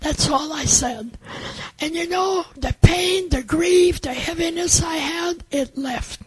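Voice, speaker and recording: A woman's voice: very high voice, no echo, rough recording. Earnest older woman sharing testimony. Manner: halting, earnest storytelling with many restarts. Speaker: testimony speaker. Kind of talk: personal faith testimony.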